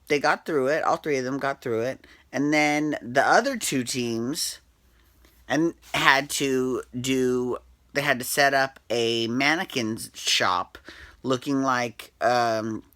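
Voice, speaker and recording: A man chatting through a casual recap in a gossipy, blunt way, full of fillers and restarts. His voice is bright and sharp, and the recording sounds dry, with no room around it. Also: no room sound. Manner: mimics people in high exaggerated voices. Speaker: recap host.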